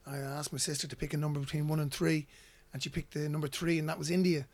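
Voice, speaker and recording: A man's voice: fairly high pitch, flat delivery, quick pace, a little mellow. Irish man telling a rambling story. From Ireland. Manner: rambling, repeats words when starting sentences. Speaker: guest. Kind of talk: casual storytelling.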